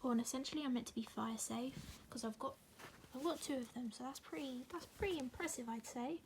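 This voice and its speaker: Speaking quickly in a high-pitched voice, a young vlogger chats from her bedroom into a handheld phone camera. Her rambling talk is full of "like" and often slips to a near whisper, and there's slight background noise.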